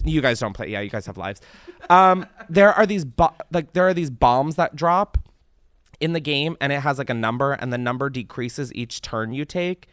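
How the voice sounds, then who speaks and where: A young man hosting a podcast, chatting casually and ranting with animated, profane exasperation. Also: mid-range voice, no echo, studio quality. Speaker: podcast host.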